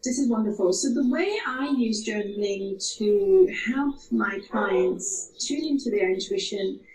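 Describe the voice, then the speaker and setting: A woman's voice: mid-range voice, animated, slow, darkish tone. A woman guest in a casual conversation, speaking in an upbeat, enthusiastic way with frequent fillers. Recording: echoey and distant from the mic.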